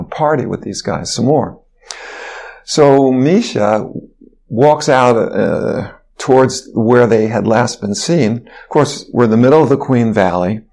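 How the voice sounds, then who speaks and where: Animated man recounting a story. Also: on the low side, creaky. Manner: animated, with frequent restarts. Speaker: interview guest.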